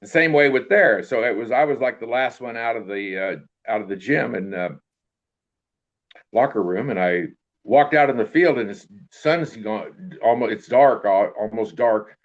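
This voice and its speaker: A man's voice: medium pitch, moderate pace. An older man telling a rambling, folksy story from his past, full of fillers and tags like "you know what I mean". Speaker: interviewee telling life story. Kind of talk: casual storytelling. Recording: dull lo-fi recording.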